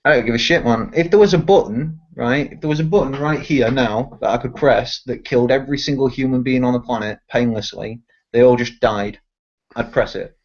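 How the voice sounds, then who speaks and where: A man's voice: mid-range voice, fairly quick, a little mellow. A young man in casual online voice chat, ranting bluntly and swearing often. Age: teens. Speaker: discussion participant. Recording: dull lo-fi voice chat audio.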